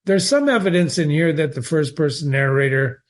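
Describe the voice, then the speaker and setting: A man's voice: a little high, animated, moderate pace. Chatty man explaining a short story. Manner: conversational, digressive, with restarts and asides; reads passages from the story aloud. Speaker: literature teacher answering viewer emails. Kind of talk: casual spoken literary analysis.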